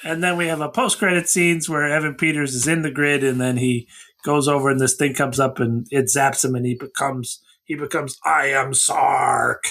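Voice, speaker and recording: A man's voice: medium pitch, steady tone, a little fast, fairly bright tone. A man hosting a casual movie review chat, recapping scenes with dry sarcasm and mock quotes. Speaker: podcast host.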